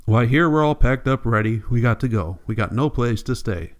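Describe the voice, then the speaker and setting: A man's voice: mid-range voice, expressive, moderate pace, lightly acted. A man reading the part of a worried middle-aged farmer father in a plain rural drawl.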